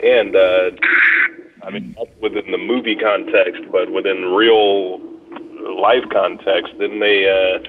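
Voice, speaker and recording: A man's voice: low voice, steady tone, slow. A man co-hosting a podcast, chatting casually in a jokey way and laughing often. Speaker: podcast co-host. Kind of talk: casual chat. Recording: tinny phone-like line with hiss.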